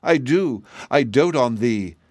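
A man's voice: mid-range voice, expressive, normal speed, dry recording, clean studio sound, close to an everyday voice. A man voicing a meek, dutiful gardener in a storybook, explaining things earnestly.

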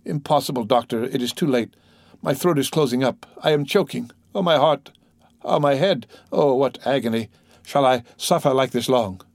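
A man's voice: medium pitch, normal speed, darkish tone, no echo, clean studio sound, close to an everyday voice. A man voicing a terrified, choking male servant who cries out in pleading gasps. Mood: desperate.

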